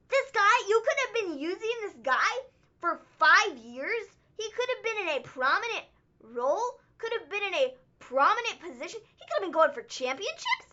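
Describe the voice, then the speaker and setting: A woman co-hosting a livestream recap, talking in an animated, excitable way and laughing often. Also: extremely high pitch, normal speed, highs cut off. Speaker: wrestling show co-host. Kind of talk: casual livestream recap chat.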